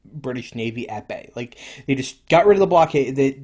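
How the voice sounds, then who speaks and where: A man talks history on a podcast in an easygoing, rambling way. His voice sits at a middle pitch, and he fills his sentences with ums and false starts as he thinks aloud. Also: expressive, moderate pace, darkish tone. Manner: rambling, lots of fillers and restarts. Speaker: podcast co-host. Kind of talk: casual history chat.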